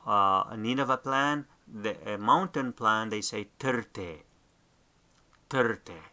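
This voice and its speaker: Slow, halting man teaching a language. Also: on the low side, sharp tone. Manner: slow, halting, many fillers and restarts. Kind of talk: unscripted lesson.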